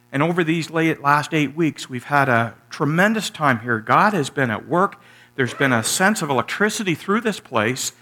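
A man's voice: medium pitch, pushed and bright. A middle-aged man preaching a sermon as pastor, telling a story with frequent "uh" fillers and building to emphatic, raised passages.

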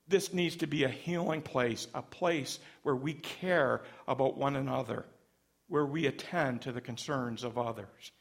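A middle-aged man preaching a sermon, with a dramatic delivery that rises suddenly and drops soft. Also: fairly high pitch, creaky. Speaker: pastor.

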